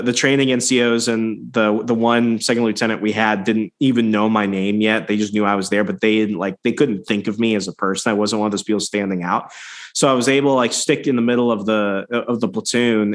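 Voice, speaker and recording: Man telling a profane story. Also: fairly low pitch. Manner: loose, profane storytelling with many restarts. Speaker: podcast host. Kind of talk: casual podcast chat.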